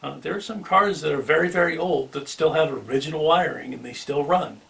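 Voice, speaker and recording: Man, Boston accent, car channel host, chatty, slightly high voice, a bit off-mic. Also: brisk, gravelly, a bit bright, distant mic. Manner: chatty, with filler ums and restarts. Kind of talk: casual talk to camera.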